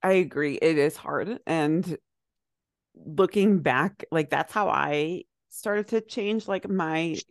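A woman's voice: sits low, slow pace, no echo, studio quality. A young adult woman co-hosting a podcast, talking in a rambling, reflective way, full of "like" fillers. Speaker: podcast co-host. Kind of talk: casual chat.

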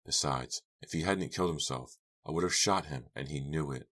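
A man reading the part of a calm, cold woman who holds a gun on people. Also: extremely low pitch, normal speed. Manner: calm, hard and quiet.

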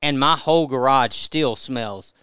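A man's voice: medium pitch, a little slow, pushed and bright, clean tone, no echo. A man casually telling a funny hunting story as a podcast guest, laughing as he goes.

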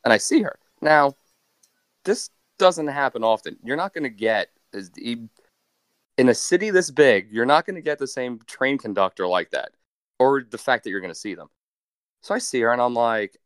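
A young man telling a story in a casual, animated, profane way, with deadpan asides. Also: mid-range voice, moderate pace, dry recording, clean studio sound. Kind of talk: casual story told to a friend.

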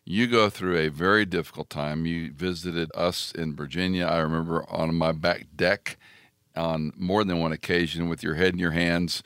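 A man's voice: deep voice, fairly even intonation, normal speed, a bit bright, smooth, no room sound, studio quality. A male host recapping his guest's life story in a conversational interview.

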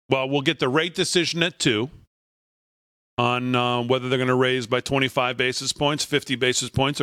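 A man hosting a live studio talk show, chatty and quick to laugh as he runs through market news. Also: mid-range voice, bright, forceful tone, no echo. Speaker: show host.

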